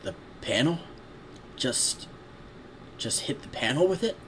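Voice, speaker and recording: A man voicing a soft-spoken gentle stallion. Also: medium pitch, expressive, slow, slight background noise. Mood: plain. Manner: soft, quiet, reassuring. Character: gentle, reassuring adult male pegasus stallion.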